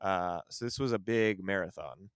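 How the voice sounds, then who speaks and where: A man, a comedian podcast host, in casual chat, telling a story in an animated way and defending his side emphatically. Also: low voice, moderate pace, clean tone, dry recording, studio quality.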